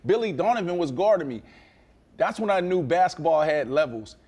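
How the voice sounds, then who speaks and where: A man co-hosting a casual sports talk show, animated and boastful, telling stories with lots of restarts. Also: on the high side, fairly quick. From Florida. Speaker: co-host.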